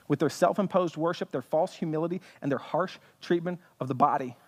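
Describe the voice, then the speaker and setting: A man's voice: fairly high pitch, fairly quick. A man preaching a sermon as pastor, impassioned, with rhetorical questions and bits of humor. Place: church sanctuary. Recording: long church hall reverb.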